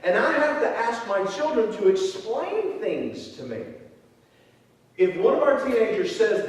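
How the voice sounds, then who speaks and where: A middle-aged man preaches in a relaxed, folksy manner, his voice sitting fairly high. The sound is roomy and booming, like a big church hall. He is caught from well back from the microphone. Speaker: pastor. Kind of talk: sermon. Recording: echoey hall, distant mic.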